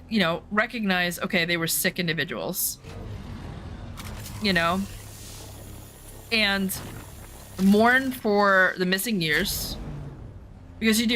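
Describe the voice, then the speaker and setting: A woman's voice: on the low side, pushed and bright, a little hiss or hum. A woman streamer talking candidly in casual chat while playing a game, rambling with lots of fillers.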